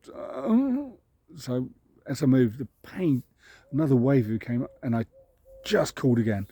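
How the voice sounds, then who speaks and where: A man's voice: mid-range voice, lively intonation, unhurried, warm tone, husky, no room sound. An Englishman telling a rambling, self-deprecating story from his childhood, chuckling at himself as he goes. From England. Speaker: vlog host. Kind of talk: casual storytelling. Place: outdoors, walking a dog.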